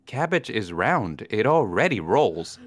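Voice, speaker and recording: A man's voice: lowish voice, sing-song, a little slow. Playful punning man, easy laughter. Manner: playful, laughs a lot, loves puns. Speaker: guest. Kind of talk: casual livestream chat.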